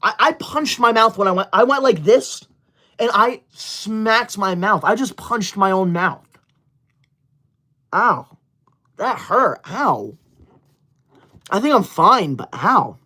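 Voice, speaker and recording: A man's voice: sits high, a little slow. Touchy young male livestreamer, played by a man. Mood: indignant. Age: 20s. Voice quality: indignant, whiny, shouts at viewers. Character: touchy young male livestreamer, easily offended, self-important. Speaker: livestreamer reading super chats. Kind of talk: parody livestream skit.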